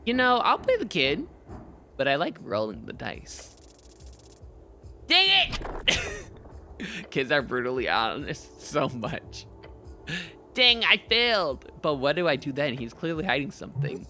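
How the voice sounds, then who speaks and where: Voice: medium pitch, wildly swooping pitch, unhurried, pauses often, sharp tone, slight background noise. A streamer playing a role-playing game, chatting casually, laughing often and reading the game's dialogue aloud. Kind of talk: casual gameplay commentary, voicing characters.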